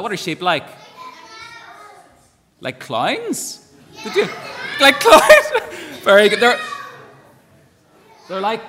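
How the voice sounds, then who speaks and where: A man with a bright, forceful voice, somewhat high-pitched, leads a school assembly and keeps asking the children questions. His upbeat talk rings with a long echo from the large hall. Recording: echoey hall reverb.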